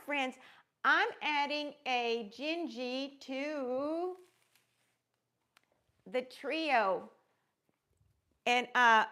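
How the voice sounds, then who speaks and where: A woman chats her way through a crafting livestream, warmly rambling and greeting viewers one by one. Her voice sits high, with a gravelly, creaky edge running through it. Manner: gushing, greets viewers by name; rambling with many fillers. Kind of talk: casual live-stream chat.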